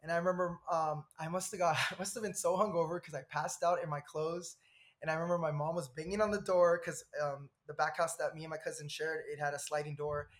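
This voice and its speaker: Telling a personal story on a podcast, a thirty-something guest from Southern California keeps things lively and rambling, with frequent laughter and asides along the way. He talks fairly quickly in a voice that is a little high.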